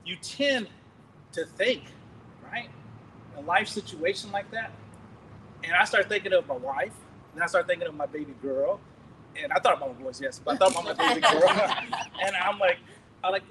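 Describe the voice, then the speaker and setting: A middle-aged male preacher telling a story in a sermon, animated and laughing, acting out scenes loudly. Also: high voice, normal speed, pauses often, a little hiss or hum, poor audio.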